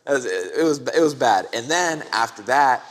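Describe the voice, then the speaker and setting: A young man co-hosts a casual podcast and tells his stories with energy and plenty of slang. He jumps into other people's lines as he goes, in a middle-pitched voice. The room has a long, lingering reverb. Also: moderate pace. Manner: animated, slangy, acts out quotes. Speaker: podcast co-host. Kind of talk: casual storytelling chat.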